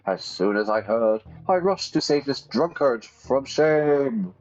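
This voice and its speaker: A man's voice: medium pitch, lively intonation, takes it slowly, a little mellow, lo-fi sound. A man voicing an arrogant young nobleman, pompous and indignant, while reading a game aloud. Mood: haughty.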